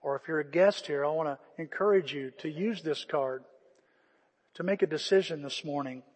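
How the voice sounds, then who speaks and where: A male pastor preaching a sermon, impassioned, swinging from loud calls to hushed pleas. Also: a little high, moderate pace. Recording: echoey church hall.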